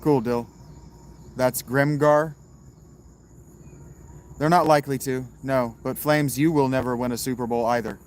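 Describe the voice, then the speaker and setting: A man's voice: mid-range voice, fairly even intonation, a little slow, pauses often, slight background noise, rough recording. A man hosting a casual livestream, answering viewers in chat with a laid-back, wry manner and some swearing. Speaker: livestream host reading chat.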